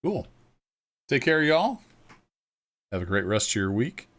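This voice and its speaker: A man streaming a train game live, easygoing and self-deprecating, thinking out loud to his viewers as he plays. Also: medium pitch, sing-song, a little slow. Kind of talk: casual live gameplay commentary.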